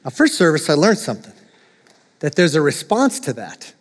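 Male pastor, jokey sermon, chuckles a lot, high voice, long church reverb. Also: big pitch swings, normal speed. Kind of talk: sermon with jokes. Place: church sanctuary.

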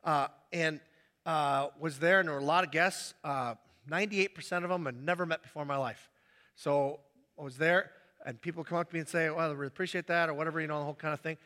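A man preaching a sermon in a lively, animated way, acting out little scenes in different voices. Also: fairly high pitch, quick pace. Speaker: pastor.

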